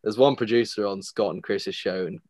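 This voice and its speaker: Swearing farmer on a podcast. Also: male voice, lowish voice, fairly quick, darkish tone, dry recording. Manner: swears a lot, laughs through stories. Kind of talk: casual chat.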